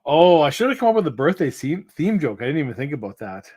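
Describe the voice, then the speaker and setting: A man co-hosting a relaxed late-night live stream, telling a meandering joke at an unhurried pace. He stops and restarts often, with plenty of filler words. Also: on the high side. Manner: rambling, hesitant joke-telling with many fillers. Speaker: co-host. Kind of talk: casual chat.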